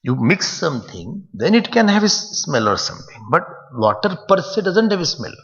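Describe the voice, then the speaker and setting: A spiritual teacher lectures playfully, his gravelly voice rising and falling in a lively way. He keeps tossing questions to his listeners. The sound is dull and lo-fi, with a long hall echo. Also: on the high side, moderate pace. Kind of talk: lecture on scripture. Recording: dull lo-fi recording in a reverberant hall.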